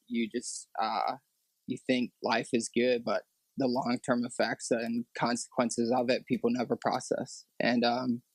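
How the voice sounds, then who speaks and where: A young man sharing a personal testimony on a podcast, halting and full of fillers and restarts. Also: mid-range voice, no room sound, low-quality recording. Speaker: podcast guest. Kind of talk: personal testimony in casual talk.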